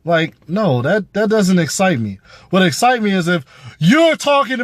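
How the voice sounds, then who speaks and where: A man talking through a TV episode in a loose, rambling way, swearing freely and filling gaps with ums and likes. His voice sits slightly high for a man. The sound is dry and close, with no room echo. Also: big pitch swings, normal speed. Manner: loose, profane, rambling with fillers. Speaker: show reviewer. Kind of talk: casual spoken review.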